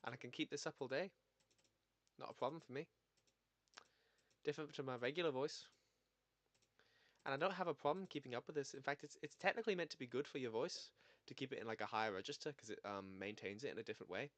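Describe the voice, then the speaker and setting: A man putting on a higher, showy accent voice and insisting on his point over and over. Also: fast talker, long pauses, a bit bright, no echo, lightly acted. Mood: boastful. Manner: insistent, repeating himself.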